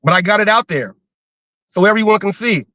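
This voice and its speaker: A man's voice: high voice, lively intonation, brisk, pushed and bright, dry recording, highs cut off. A man hosting a livestream, ranting defensively and often repeating himself as he restarts his words. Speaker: livestream host.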